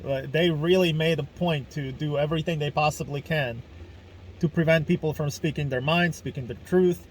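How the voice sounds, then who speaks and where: A man's voice: on the high side, fairly even intonation, moderate pace, a little hiss or hum. A young man from Ukraine hosting a casual video podcast, ranting angrily with lots of swearing and fillers. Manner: angry, profane ranting with fillers. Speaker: podcast host.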